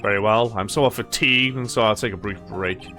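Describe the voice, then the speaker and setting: A man's voice: lowish voice, fast talker, pushed and bright, soft background music. A man reading as a fussy elderly judge. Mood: pompous. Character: stern elderly male judge, fussy and tired.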